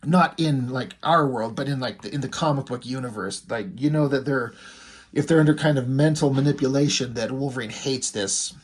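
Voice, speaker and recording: In a casual video, a man rambles through a comic book review, peppering it with "like" and "you know" and tossing out blunt, mocking asides. His husky voice sits in the mid range and moves at a normal speed.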